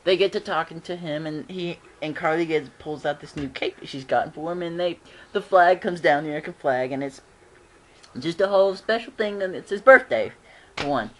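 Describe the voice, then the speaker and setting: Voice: mid-range voice, fairly quick. A fan recapping a TV episode in a casual vlog, rambling and giggling, with frequent restarts. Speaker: show reviewer.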